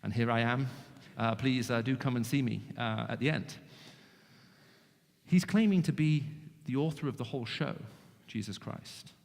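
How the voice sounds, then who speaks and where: A man with a British English accent who grew up in the Middle East, giving an animated, joking evangelistic talk to students with frequent restarts. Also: mid-range voice, normal speed, gravelly. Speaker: guest speaker. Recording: long hall reverb.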